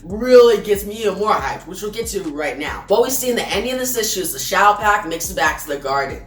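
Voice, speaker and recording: A woman's voice: mid-range voice, expressive, fast. A woman casually recapping a comic book issue, retelling the plot with lots of "like" and filler words. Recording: roomy distant recording with faint music.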